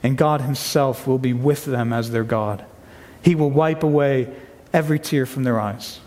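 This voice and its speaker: A man's voice: mid-range voice, moderate pace, darkish tone, in a large hall. A man preaching a sermon to his church, reading scripture aloud with earnest emphasis. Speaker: pastor. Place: church sanctuary.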